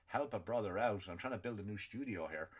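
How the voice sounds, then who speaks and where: An Irish man hosting a comedy podcast, ranting in a loose stand-up style, often restarting and repeating words, swinging between loud outbursts and low muttering. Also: lively intonation, quick pace, slightly rough. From Ireland.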